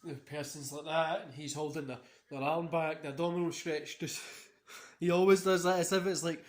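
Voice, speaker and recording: A man's voice: on the high side, fairly even intonation, moderate pace. A Scottish man in his thirties hosting a wrestling watch-along, talking casually in a rambling, chatty way and laughing often. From Scotland. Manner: chatty and rambling, laughs often, local words like wee and yous. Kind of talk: casual commentary while watching.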